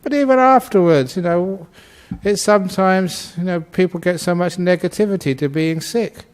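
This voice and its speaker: A man giving a Buddhist dharma talk, telling stories in a gentle, humorous way and laughing often. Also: sits high, normal speed, clean tone. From Australia. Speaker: Buddhist monk teacher.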